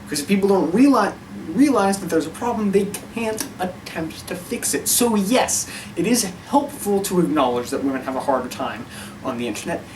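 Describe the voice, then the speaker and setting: A man with a voice a touch higher than most chats casually to camera. He is wry and wanders off track, catching himself mid-thought. He sits a little back from the mic, with a faint room hum underneath. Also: animated, moderate pace, a little mellow, distant mic, rough recording. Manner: wry, rambling, self-interrupting. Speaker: vlogger. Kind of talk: casual opinion vlog.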